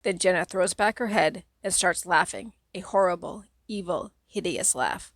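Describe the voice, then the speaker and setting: A woman narrating a children's audiobook in a steady, plain storytelling manner. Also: lowish voice, normal speed, no room sound, clean studio sound. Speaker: audiobook reader.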